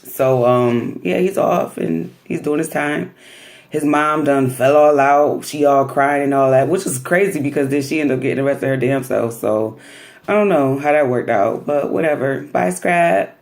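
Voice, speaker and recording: A woman vlogger casually recapping a reality TV episode in slangy, animated talk, often acting out what people said. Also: low voice, moderate pace, creaky.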